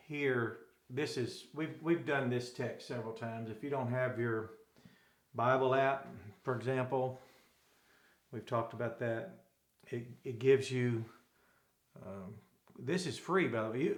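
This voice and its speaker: A man from Arkansas teaching a classroom Bible Greek lesson, rambling and correcting himself with folksy asides. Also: mid-range voice. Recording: echoey room.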